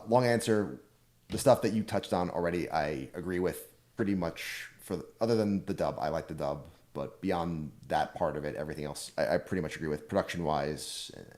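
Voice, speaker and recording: A man co-hosting an anime podcast in casual chat, laying out his points in a measured, orderly way. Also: low voice, darkish tone. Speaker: podcast co-host.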